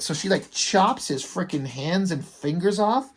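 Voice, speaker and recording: A man's voice: sits high, normal speed, hardly any pauses. A man casually reviewing a comic book, reading out its dialogue and giving blunt, profane asides.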